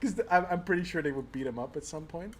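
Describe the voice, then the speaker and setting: A man with a slightly high voice trades jokes on a live stream. He swears freely, laughs often and slips into quoted voices. A faint background hum sits under his voice. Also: lively intonation, fast. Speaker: livestream co-host. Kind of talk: casual banter on a livestream.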